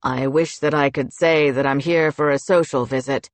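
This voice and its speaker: A woman reading an audiobook, voicing a relaxed, easygoing male otherworldly flag keeper in a lowered voice. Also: moderate pace, no echo, natural voice.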